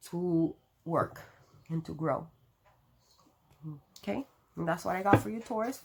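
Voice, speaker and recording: A tarot reader with a mid-range, slightly bright voice reads cards for her viewers in a casual, chatty way. She laughs often and curses now and then.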